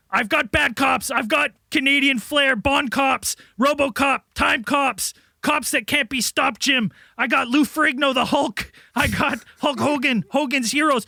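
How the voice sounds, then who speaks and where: A panicked, cursing military commander barks orders and brags about his team, as a man acts him out. The voice sits very high with a sharp, bright ring and some gravel underneath. It sounds dry and close, with no room around it. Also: dry recording, full character voice. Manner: yelling, swearing, blustering. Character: frantic shouting male US military base commander. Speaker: podcast host.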